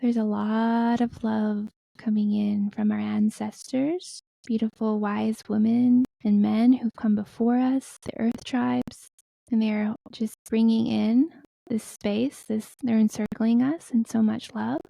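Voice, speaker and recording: A woman guiding a meditation in a soft, slow, soothing way. She drops into whispers and chants in an invented light language. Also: on the high side, little pitch movement, creaky, no echo, rough recording. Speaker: guest spiritual healer. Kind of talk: guided meditation.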